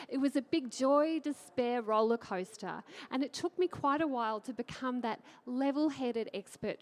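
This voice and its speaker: An enthusiastic middle-aged Australian woman speaks from a conference stage with a slightly high voice. She keeps her talk chatty and upbeat and often turns to the crowd with questions. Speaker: trading educator and conference speaker. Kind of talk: energetic conference talk to a live audience. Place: conference stage before an audience.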